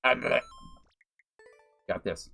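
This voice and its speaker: हँसमुख पुरुष गेम स्ट्रीमर, बीच-बीच में गाली और हँसी, दर्शकों का शुक्रिया करता हुआ, पीछे धीमा गेम संगीत।. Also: male voice, medium pitch, takes it slowly, vocal fry, bright, forceful tone, soft background music. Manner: chatty, swears, laughs often, thanks viewers. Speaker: streamer. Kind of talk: live gameplay commentary.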